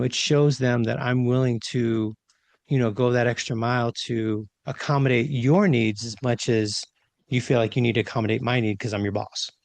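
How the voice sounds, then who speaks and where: A man co-hosting a podcast, talking through leadership ideas in a reflective, animated way and often checking in with "right?". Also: medium pitch, vocal fry, no room sound. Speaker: podcast co-host, leadership trainer. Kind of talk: casual conversational podcast talk.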